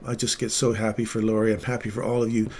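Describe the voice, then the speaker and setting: A man hosting a casual livestream, once a paramedic, talking with earnest feeling and sometimes dropping his voice very low. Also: little pitch movement, quick pace, a little mellow, a little hiss or hum. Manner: earnest, emotional storytelling, drops to near-whisper at tender moments. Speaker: livestream trading host, former paramedic.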